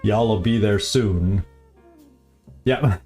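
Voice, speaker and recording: A man's voice: lowish voice, drawn-out words, dark tone, soft background music. A man hosting a live game stream, chatting casually and easily, often chuckling and repeating his phrases.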